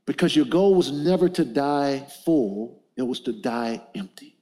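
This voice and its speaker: A man's voice: mid-range voice, animated, a little slow, dark tone. A middle-aged man preaching to a men's gathering, leading call-and-response and telling stories with emphasis. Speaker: motivational speaker.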